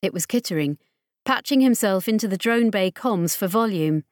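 A woman narrating an audiobook in a measured, dramatic reading. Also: mid-range voice, animated, a little mellow, dry recording, clean studio sound. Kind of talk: scripted narration.

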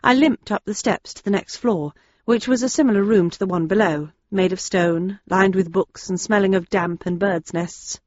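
A woman narrating a first-person audiobook in a steady, understated way. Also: medium pitch, normal speed, few pauses, dry recording, muffled recording.

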